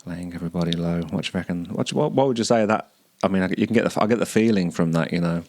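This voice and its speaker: A man hosting a podcast, musing over song lyrics and often pausing to search for words. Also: low-pitched, darkish tone, dry recording. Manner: hesitant, searching for words, many restarts. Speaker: podcast host.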